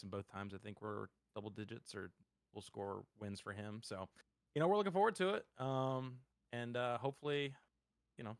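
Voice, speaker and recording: A man's voice: mid-range voice, no room sound. Man, casual post-game interview, rambling, upbeat, voice chat, dry sound. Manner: rambling, upbeat, fillers and restarts.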